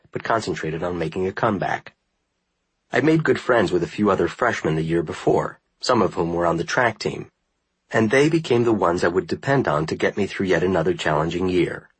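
Deep husky male memoir narrator. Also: no echo, poor audio. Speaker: audiobook narrator. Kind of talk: first-person memoir narration.

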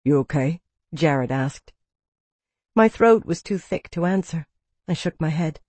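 Calm, dry audiobook narrator. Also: medium pitch, measured pace, no echo. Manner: calm first-person storytelling.

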